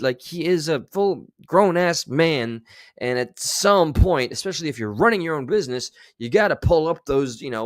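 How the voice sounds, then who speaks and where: Sarcastic streamer guy rambling over clips, dry close mic, mid pitch. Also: no echo. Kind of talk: casual reaction commentary.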